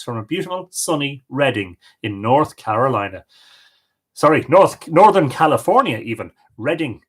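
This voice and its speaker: A middle-aged Irish man hosts a livestream, chatting casually, greeting people and reading out viewer comments. His mid-range voice sounds a bit bright.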